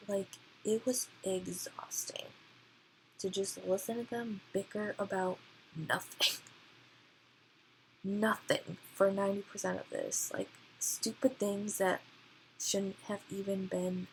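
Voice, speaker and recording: A woman's voice: medium pitch, animated, takes it slowly, vocal fry, a little hiss or hum, poor audio. A woman ranting casually in a book review, rambling with many fillers and often dropping to a near-whisper. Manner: rambling, filler-heavy, often drops to a hush.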